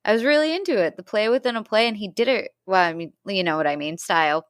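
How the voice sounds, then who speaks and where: A woman's voice: mid-range voice, fast, clean tone, no room sound. Give me a woman co-hosting a film podcast, casual and conversational, with a dry close sound. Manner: conversational, thinks aloud with fillers. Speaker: podcast co-host. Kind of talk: casual film review chat.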